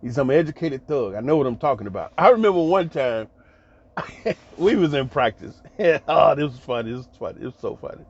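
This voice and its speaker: A man's voice: mid-range voice, expressive, fairly quick, breathy edge, lo-fi sound. A man hosting his channel, telling stories in a casual, laughing, colloquial way and repeating his phrases. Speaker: channel host. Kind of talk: casual storytelling monologue.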